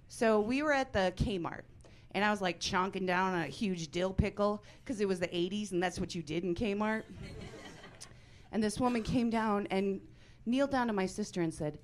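A woman's voice: mid-range voice, normal speed. A woman in her forties doing stand-up comedy in a brassy, punchy, self-deprecating way. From Italian-American.

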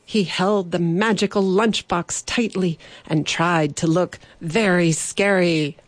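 Slow, gentle woman storyteller. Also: fairly low pitch, fairly even intonation, no room sound. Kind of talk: children's bedtime story narration.

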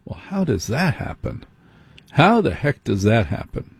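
A man's voice: mid-range voice, big pitch swings, unhurried, husky, no room sound. A middle-aged man hosting a late-night radio talk show, speaking conversationally and putting direct questions to his listeners.

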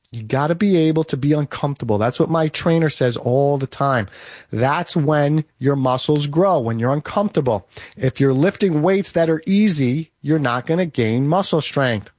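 A man's voice: fairly high pitch, animated, moderate pace, a little mellow, no room sound. A man speaking straight to the listener in a motivational monologue, emphatic and repetitive, with short punchy commands.

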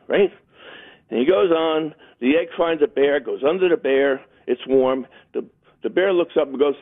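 A male caller tells jokes and stories with a lively, swinging pitch. His voice sits a little high for a man. The sound is thin and tinny, as over a phone line. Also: moderate pace. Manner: animated joke-telling. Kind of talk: phone-in storytelling.

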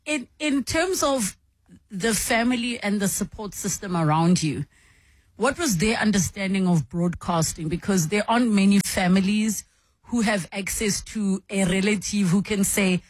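A woman's voice: medium pitch, normal speed, no room sound. A woman interviews a guest in a dry, close-miked studio. She is chatty and reflective, and she often restarts her sentences and adds fillers as she thinks aloud. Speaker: radio host interviewing a guest. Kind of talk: warm conversational interview.

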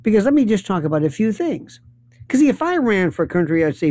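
A man's voice: high-pitched, very animated, a little fast, dark tone. A man giving a sarcastic commentary monologue, acting out the voices of the people he quotes.

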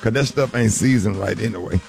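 A man's voice: lowish voice, brisk, vocal fry, over music. A man co-hosting a radio show, brash and joking in loose colloquial talk.

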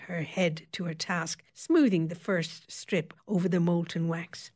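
A woman reading a novel aloud as audiobook narrator, in steady, expressive storytelling. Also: lowish voice, unhurried, few pauses. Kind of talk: scripted narration.

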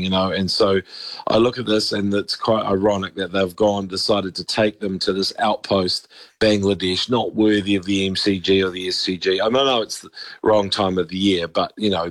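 A man's voice: sits low, no echo. A man with a New Zealand accent chatting casually as a regular sports commentator on radio, rambling with frequent restarts.

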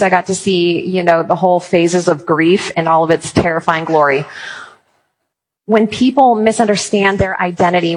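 A woman's voice: mid-range voice, rough recording. A woman giving an earnest Christian talk, mixing encouragement with humorous personal stories. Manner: humorous, animated storytelling. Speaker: Christian speaker.

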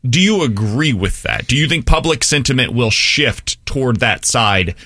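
A man hosting sports talk radio, laying out opinions and thinking out loud before asking his co-host. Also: mid-range voice, lively intonation, moderate pace, no room sound, studio quality.

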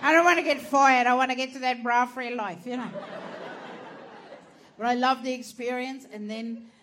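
Foul-mouthed lady doing stand-up, kinda high voice, animated and crude. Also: normal speed, crowd noise, noisy background. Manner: crude, profane and self-mocking; lively, animated delivery. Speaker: stand-up comedian. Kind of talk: stand-up comedy storytelling.

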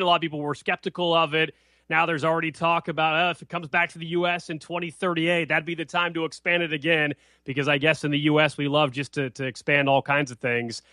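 A man hosting a sports show, asking brisk, easygoing questions. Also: on the high side, steady tone, pushed and bright, dry recording. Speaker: host. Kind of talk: casual sports talk.

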